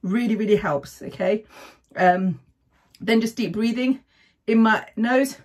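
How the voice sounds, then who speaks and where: Speaking to camera in a relaxed advice video, a middle-aged woman offers health tips about breathing, chatting along and often tacking on "okay?". Her voice is fairly high, unhurried, a little mellow, and husky.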